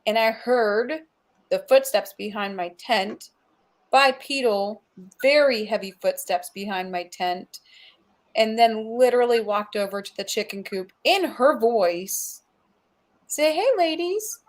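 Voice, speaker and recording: A woman co-hosting a casual chat, chatty and quick to laugh. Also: medium pitch. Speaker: co-host.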